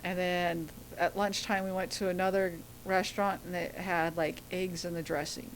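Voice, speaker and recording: A middle-aged woman tells a personal story in a lowish voice, slipping into the voices of the people she quotes. A faint rumble sits under the recording. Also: level tone, normal speed, poor audio. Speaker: guest.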